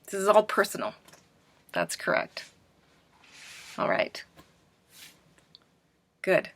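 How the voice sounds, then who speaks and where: Female teacher, slow and clear, bright tone, runs a mock class with imagined students. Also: mid-range voice, sing-song. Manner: asks questions and answers for imagined students; clear, deliberate teacher delivery. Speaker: English pronunciation teacher.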